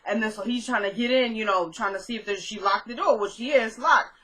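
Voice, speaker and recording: A young woman chatting through a casual recap of a TV episode, retelling scenes in an animated way with lots of fillers. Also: fairly high pitch, fairly quick, low-quality recording. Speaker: TV episode reviewer.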